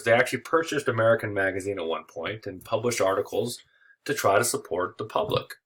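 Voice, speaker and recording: A man's voice: low voice, fairly bright tone. A man giving a recorded history lecture in a casual way, with joking asides and frequent filler words. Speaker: history teacher.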